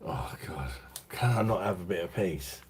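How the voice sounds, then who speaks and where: A man's voice: deep voice, expressive, normal speed, slight background noise. A man hosting a beer review live stream, chatting casually in a crude, rambling way and laughing often.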